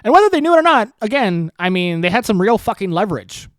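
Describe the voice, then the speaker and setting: A man's voice: high-pitched, big pitch swings, quick pace, no echo, studio quality. Guy hosting a pod, rambly and sarcastic, cusses a lot, laughs at his own bits. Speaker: podcast host. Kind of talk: casual profane commentary.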